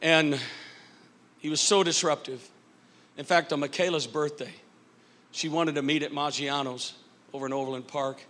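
A middle-aged man preaching from a church pulpit, his voice pitched high and ringing bright. He swings from quiet storytelling to loud, shouted peaks. The sound is that of a pastor carrying a sanctuary. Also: steady tone, moderate pace, pauses often. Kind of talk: sermon.

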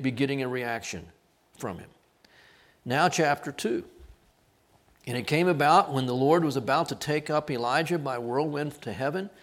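A man preaching a sermon, reading scripture and acting out the quoted lines with big swings in loudness. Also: fairly high pitch. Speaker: pastor.

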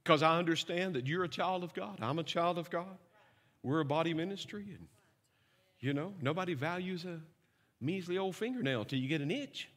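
A man's voice: a little high, lively intonation, normal speed, a bit bright, long reverb tail. A middle-aged man preaching a sermon, telling funny stories and checking in with the congregation. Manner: humorous storytelling with asides to the congregation. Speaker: pastor.

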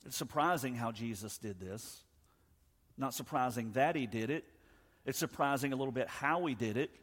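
A man preaching a sermon as pastor, emphatic, swinging between loud and hushed, acting out the dialogue of scripture. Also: mid-range voice, moderate pace, slightly rough, long reverb tail.

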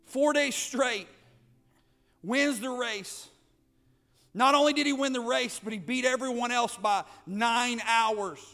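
A man's voice: very high-pitched, unhurried, creaky, bright, forceful tone. A man preaching a sermon, building up with repeated phrases and rhetorical questions. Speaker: pastor.

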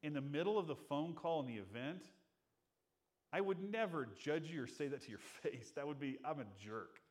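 A man's voice: on the high side, animated, moderate pace. A middle-aged man preaching a sermon in an earnest, conversational way, acting out the voices of the people he quotes. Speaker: pastor.

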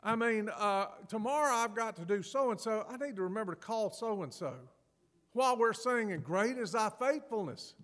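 High-voiced preacher in a reverberant hall. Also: male voice, moderate pace. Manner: animated, acts out scripture scenes with laughs. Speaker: pastor. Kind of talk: sermon.

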